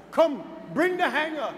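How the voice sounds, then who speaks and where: A male pastor preaching a sermon in an emphatic, informal style, calling the crowd "y'all" and rising to shouted peaks. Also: very high voice, sing-song, slow. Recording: reverberant hall, faint noise.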